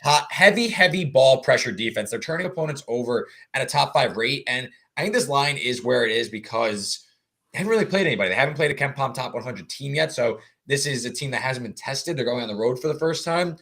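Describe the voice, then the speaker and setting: A man's voice: mid-range voice, animated, fairly quick, sharp tone. Stat-heavy male betting analyst. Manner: talks through stats and numbers at length with many fillers. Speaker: sports betting analyst co-host. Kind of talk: casual betting podcast chat.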